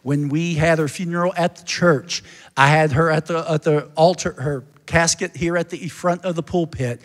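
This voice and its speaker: A male pastor telling a story in a sermon, earnest and narrative, building to a fervent call to the congregation. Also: fairly high pitch. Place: church sanctuary. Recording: long church hall reverb.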